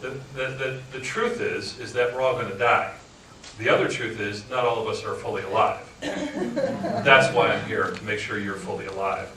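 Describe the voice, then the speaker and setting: A man's voice: fairly low pitch, normal speed. Radio host guy giving a talk to a room full of people, jokey and blunt, mic kinda far off, echoey and noisy. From Upper Michigan. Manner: frank, joking, animated storyteller. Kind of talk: motivational talk to a live audience. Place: indoor meeting room with audience.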